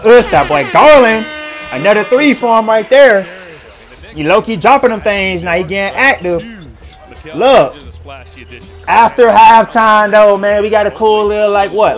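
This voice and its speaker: A young man with a high-pitched voice reacts to basketball highlights in loose, slang-filled play-by-play. He stammers, repeats phrases and laughs along as he hypes each play. Faint music plays underneath. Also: expressive, unhurried. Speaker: sports reaction host. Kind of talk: casual highlight reaction commentary.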